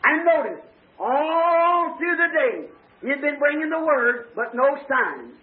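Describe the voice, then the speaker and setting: A man preaching an impassioned revival sermon, often breaking into shouts. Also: very high-pitched, very animated, unhurried. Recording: echoey lo-fi tape, tinny like a phone.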